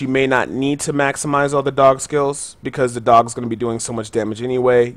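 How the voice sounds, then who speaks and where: A man's voice: medium pitch, no echo. Casual gamer man with a dry mic. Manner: casual, chatty, loose with fillers and gamer slang. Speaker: gaming channel host. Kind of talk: gameplay tutorial commentary.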